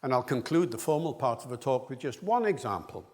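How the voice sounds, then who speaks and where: A man's voice: medium pitch, expressive, brisk, darkish tone. A man giving a public lecture, acting out the rhythms of speech to illustrate his points. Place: large lecture hall. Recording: long hall reverb.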